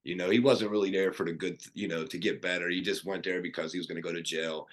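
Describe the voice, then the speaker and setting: A middle-aged man, a podcast guest, telling a personal story in an earnest, animated way with many restarts. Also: low voice, fast.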